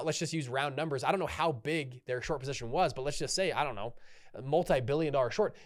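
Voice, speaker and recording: Guy hosting his own podcast, bit higher voice, rambles and restarts a lot. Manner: rambling, digressive, many restarts and fillers. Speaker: podcast host. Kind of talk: casual solo podcast talk.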